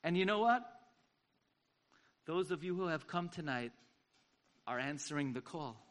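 A man giving an impassioned sermon-style story at a community event, swinging from hushed to loud. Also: on the high side, expressive, measured pace, long pauses.

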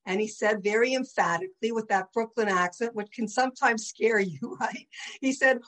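A woman's voice: fairly high pitch, normal speed, fairly bright tone, low-quality recording. A woman teaching a conversational religious class. She often checks in with her listeners with "you know" and "right?". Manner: chatty, full of "you know" and "right?" asides.

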